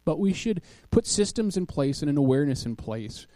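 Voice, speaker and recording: A man's voice: fairly high pitch, sing-song, fairly quick, dark tone, no room sound. A man preaching a sermon in a conversational way, asking his listeners questions and reading scripture aloud. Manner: conversational, asks the audience questions.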